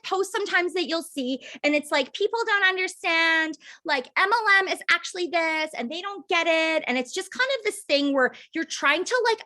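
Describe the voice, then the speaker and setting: A fairly high-voiced woman coaching her sales team over a video call. She talks casually and with conviction, sprinkling in fillers and hammering points home with repeats. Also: a bit bright. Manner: fired-up, chatty, many "like" fillers, emphatic repeats. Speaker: direct sales team leader training recruits.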